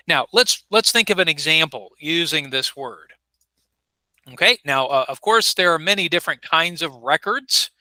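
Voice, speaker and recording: Male ESL teacher, clear and patient, bright voice, on a video call. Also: a little high, no echo, poor audio. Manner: clear, patient, modeling pronunciation. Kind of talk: online class teaching.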